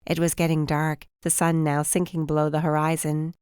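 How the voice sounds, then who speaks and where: Woman reading a cozy mystery audiobook, lowish voice, measured and dry, close sounding. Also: level tone, darkish tone, clear, resonant tone, no room sound. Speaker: audiobook narrator. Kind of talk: first-person audiobook narration.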